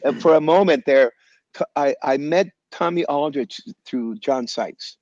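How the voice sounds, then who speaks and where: A man being interviewed as a guest musician over a video call, telling animated stories in a loose, slangy way and calling people "man" and "bro". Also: on the high side, measured pace, no echo, muffled recording. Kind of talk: casual storytelling interview. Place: home in Los Angeles area.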